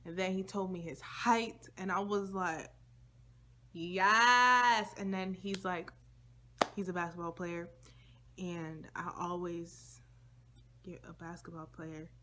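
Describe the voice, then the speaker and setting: A woman's voice: on the low side, level tone, a little slow, a little hiss or hum. A young woman vlogger telling a personal story to her viewers in a casual, slangy, chatty way.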